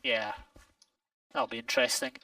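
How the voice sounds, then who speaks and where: A man's voice: normal speed, bright, forceful tone, no room sound, recorded from a distance, low-quality recording. A Scottish man chatting casually while playing a game, rambling and correcting himself, laughing often. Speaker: game player. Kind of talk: casual gameplay chat.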